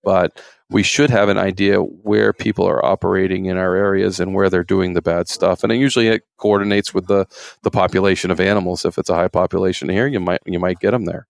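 A man's voice: deep voice, little pitch movement, fairly quick, creaky, dry recording, clean studio sound. A man, a former game warden, telling stories in a rambling, folksy way with many fillers. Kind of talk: casual storytelling interview.

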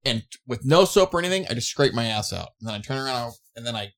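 A man's voice: medium pitch, expressive, fast talker, a bit bright. Profane rambling male storyteller. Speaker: podcast co-host. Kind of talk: casual crude chat.

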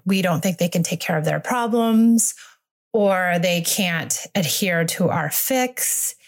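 A woman hosting a solo parenting podcast, speaking in a reflective, earnest way and sometimes acting out conversations. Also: mid-range voice. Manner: reflective, earnest, acts out dialogue. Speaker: podcast host and family therapist.

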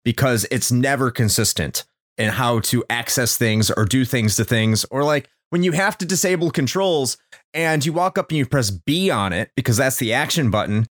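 A man's voice: mid-range voice, animated, moderate pace, a bit bright. A man co-hosting a casual game discussion, ranting in an exasperated way and swearing often. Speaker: podcast co-host.

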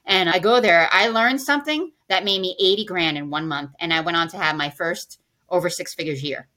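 A woman's voice: lowish voice, fairly quick, pushed and bright. A woman who works as a financial planner, a podcast guest telling a personal story in casual conversation and acting out her own past lines.

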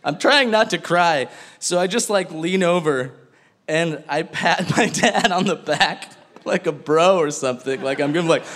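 A man's voice: on the high side, animated, measured pace, fairly bright tone. A man doing stand-up, chatty and telling a family story while laughing through his own punchlines. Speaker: stand-up comedian.

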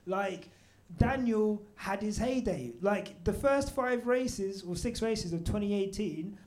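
Brief: young-sounding man, high voice, brash live-podcast host, swears a lot. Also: slow. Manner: loud, swearing, laughing banter. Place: live event venue with audience.

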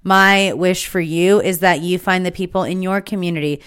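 Fired-up woman with a smooth voice. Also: fairly low pitch, steady tone, normal speed, a bit bright. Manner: fired-up, emphatic, swears freely. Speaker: podcast host. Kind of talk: impassioned spiritual monologue.

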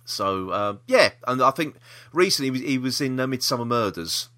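A man's voice: mid-range voice, lively intonation, fairly quick, sharp tone. A man co-hosting a casual podcast chat, rambling with restarts and laughter. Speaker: podcast co-host.

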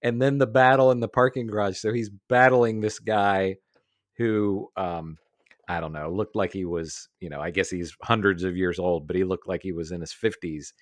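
Male podcast co-host, forties, low and dry, loose rambling talk. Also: fairly even intonation, normal speed, no echo. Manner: rambling, many fillers and restarts. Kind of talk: casual movie discussion.

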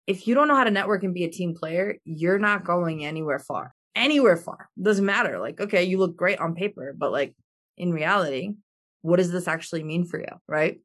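A woman's voice: on the low side, animated, fairly quick, fairly bright tone. A woman hosting a podcast interview, gushing and enthusiastic, peppering her speech with "like". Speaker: podcast host.

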